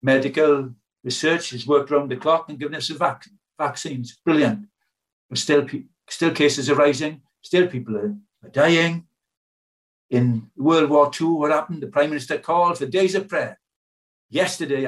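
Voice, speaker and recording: A man's voice: a little high, moderate pace. An older British man preaching a sermon in an earnest, pleading way, asking his hearers many questions.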